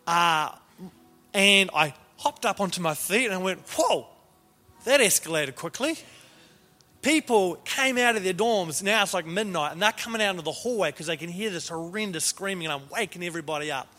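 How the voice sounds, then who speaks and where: A man preaching a sermon as he tells a story, animated and often repeating words at the start of phrases. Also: high-pitched, fairly quick. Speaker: pastor. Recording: reverberant hall with faint music.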